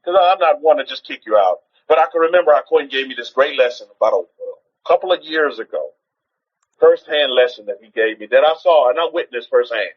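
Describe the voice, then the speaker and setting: A man's voice: mid-range voice, animated, fast, breathy edge, dull audio. A man preaching in an informal teaching style on a livestream, exhorting his listeners, repeating rhetorical questions and often restarting his sentences.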